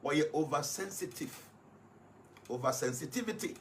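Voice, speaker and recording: Ghanaian male commentator, slightly high voice, emphatic and repetitive, faint background noise. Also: animated, moderate pace. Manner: emphatic, repeats points to stress them. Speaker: guest analyst. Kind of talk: explanatory commentary.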